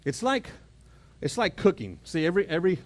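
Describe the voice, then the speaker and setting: Texan pastor guy, kinda high voice, chatty sermon, keeps restarting his words, chuckles a lot. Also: sing-song, fairly quick. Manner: conversational, repeats words while revving up; chuckles and mimics family exchanges. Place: church auditorium.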